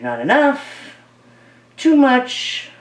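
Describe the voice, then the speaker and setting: Playful and easily delighted, a woman talks her paint along while pouring it, narrating chattily as she works. Her high voice swoops wildly in pitch and moves very slowly, picked up by a distant mic in an echoey room.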